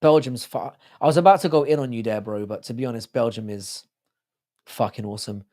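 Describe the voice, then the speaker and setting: A man's voice: mid-range voice, brisk, a little mellow. A man hosting a livestream, rambling profanely in casual chat and reading out viewer comments. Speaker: livestream host.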